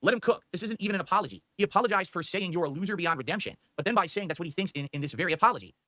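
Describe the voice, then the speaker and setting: Brief: very fast, lively streamer man, reads comments with theatrical emphasis. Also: high voice, no room sound. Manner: animated, theatrical emphasis on words. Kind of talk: reading viewer comments aloud on stream.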